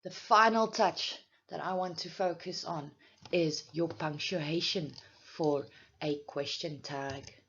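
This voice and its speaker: Woman teacher going thru a grammar lesson, slow and careful, lo-fi muffled audio. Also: deep voice, fairly bright tone. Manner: slow, clear and deliberate.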